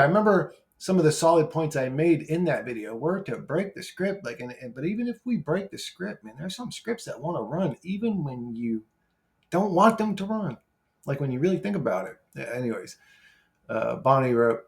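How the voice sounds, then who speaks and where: A man's voice: a little high, lively intonation, normal speed. Brash, foul-mouthed man rambling. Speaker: YouTuber replying to comments. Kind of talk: casual vlog comment replies.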